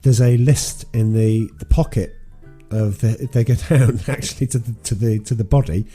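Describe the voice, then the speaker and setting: A man's voice: medium pitch, fairly even intonation, normal speed, dark tone, faint music behind. A man co-hosting a podcast, casually retelling a film plot with many ums and restarts. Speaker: podcast co-host. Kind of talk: casual film recap chat.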